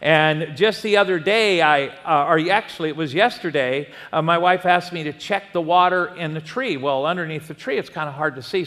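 Pastor preaching in a reverberant hall. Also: male voice, on the high side, a little fast, few pauses, bright, forceful tone. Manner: conversational, telling personal stories with acted quotes. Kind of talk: sermon.

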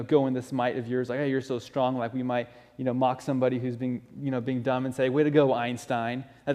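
This man speaks in a warm, mid-range voice as he delivers his sermon. He is a pastor, earnest and conversational, frequently restarting what he says, and his words echo with the long reverb of a big hall.

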